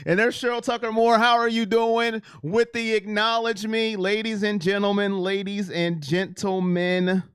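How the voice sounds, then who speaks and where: A man's voice: high-pitched, moderate pace, few pauses, clear, resonant tone, no room sound. A middle-aged man hosting a casual sports live stream, chatting and reading viewer comments aloud. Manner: animated, reads chat aloud and reacts.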